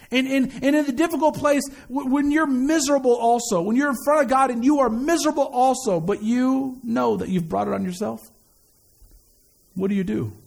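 A man with a notably high speaking voice delivers a sermon in an easygoing, conversational manner. He drops slang and jokes between scripture readings and repeats lines to drive them home. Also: darkish tone. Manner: conversational preaching with slang and humor; repeats phrases for emphasis. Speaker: pastor.

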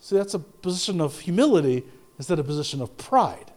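A man preaching a sermon with passion, swinging from loud declarations to low, quiet lines, often stumbling and restarting. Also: sing-song, fast talker. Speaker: pastor.

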